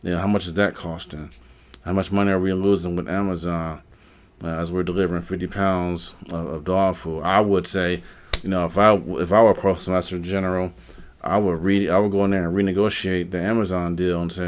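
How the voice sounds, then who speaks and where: A man's voice: sits low, flat delivery, a little fast. A man hosting a live stream, talking casually and rambling, with many fillers and repeated words. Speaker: live stream host, postal worker.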